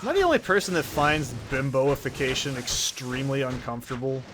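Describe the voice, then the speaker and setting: A man's voice: medium pitch, sing-song, fairly quick, noisy background. A man hosting a game let's play, chatting casually in a rambling, profane, joking way. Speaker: gaming channel host.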